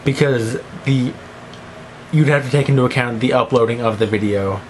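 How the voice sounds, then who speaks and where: A teenage boy vlogs in one unbroken take, rambling and goofy, with sudden silly voices and mumbled asides. His voice sits at an ordinary mid pitch, and a faint hiss of room ambience runs behind him. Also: moderate pace, rough recording. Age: teens. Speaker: vlogger.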